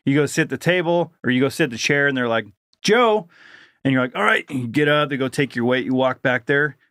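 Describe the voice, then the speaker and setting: Rambling podcast co-host, male, mid pitch. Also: quick pace, a bit bright, no echo, studio quality. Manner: rambling storyteller, builds hypothetical scenes. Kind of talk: casual comedic chat.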